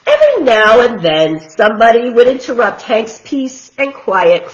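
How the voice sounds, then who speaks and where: A woman hosting a children's storytime, reading picture books aloud in a gentle, expressive way. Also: medium pitch, normal speed, slight background noise, rough recording. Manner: gentle, expressive, sing-song. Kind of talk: picture book read-aloud for toddlers.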